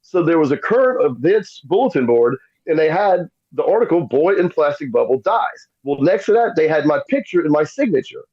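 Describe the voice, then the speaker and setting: A man's voice: fairly high pitch, fairly quick, few pauses, breathy edge, muffled recording. A middle-aged man telling stories as a podcast guest and acting out the voices of the people in them. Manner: animated, acts out quoted voices. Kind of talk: casual storytelling.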